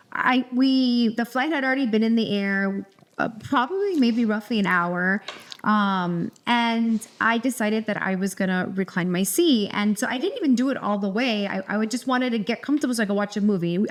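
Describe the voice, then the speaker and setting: A middle-aged woman co-hosting a podcast, telling a story in a rambling, animated way with lots of restarts. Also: on the high side, moderate pace. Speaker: podcast co-host. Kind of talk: casual storytelling chat.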